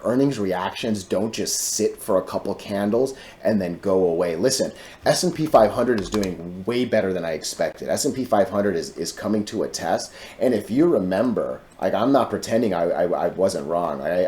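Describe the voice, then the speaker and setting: A man's voice: low voice, a little mellow. A man giving casual stock market commentary to his viewers, emphatic and repetitive, often cutting in with "listen" and "right?". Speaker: stock chart analyst host.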